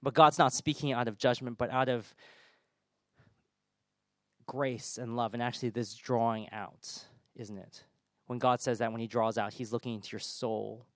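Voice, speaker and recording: A male preacher delivering a sermon with dynamic swings, rising loud for emphasis and falling quiet for intimate moments. His voice sits in an ordinary middle register. The sound is dry and close, with little room echo. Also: medium pitch, steady tone, normal speed. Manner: dynamic delivery, swelling loud then dropping soft. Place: church.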